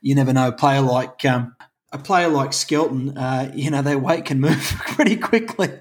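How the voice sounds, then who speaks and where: A man's voice: medium pitch, normal speed. An Australian man hosting a rugby podcast, chatty and jokey as he moves the talk along. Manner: chatty, jokey, leads the segments. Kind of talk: casual chat.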